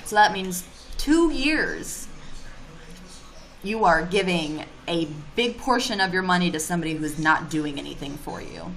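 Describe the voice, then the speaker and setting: A woman's voice: fairly low pitch, expressive, a little slow, fairly bright tone, slight background noise. A woman livestreaming casual chat, reading viewer comments and ranting bluntly with plenty of swearing. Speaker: YouTuber streaming live.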